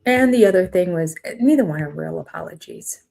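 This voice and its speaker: Older woman host, casual live commentary, animated and opinionated. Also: lowish voice, fairly quick, gravelly. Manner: animated, opinionated, acts out quoted voices. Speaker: host of a live reality TV review chat.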